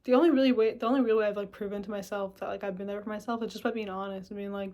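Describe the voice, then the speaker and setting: A woman vlogger talking to camera in a loose, reflective monologue. Her voice sits at an ordinary middle pitch, and she rambles with plenty of swearing. Now and then she acts out her own inner thoughts. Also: steady tone, quick pace, warm tone.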